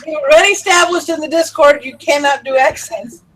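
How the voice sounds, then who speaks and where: A woman's voice: high-pitched, brisk, fairly bright tone, poor audio. A woman hosting her birthday stream, scolding her friends with exasperation. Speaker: stream host. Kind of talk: casual chat.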